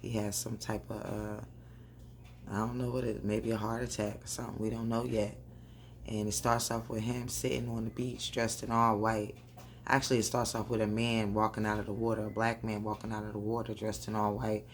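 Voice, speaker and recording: A woman doing a casual, animated recap of a TV episode, talking straight to her viewers and laughing often. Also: a bass voice, fairly quick, a little hiss or hum. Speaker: TV recap vlogger. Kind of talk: casual chatty show recap.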